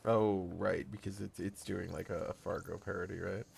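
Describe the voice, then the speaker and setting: A man streaming a game, chatting casually and thinking aloud in halting bursts as he plays. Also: low-pitched, little pitch movement, vocal fry, a little mellow, slight background noise. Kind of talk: casual chat while gaming.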